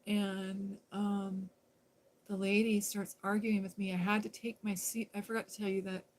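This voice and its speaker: A woman's voice: mid-range voice, little pitch movement, moderate pace, slight background noise, poor audio. A woman casually telling a personal story on a live stream, rambling and conversational with lots of fillers and restarts.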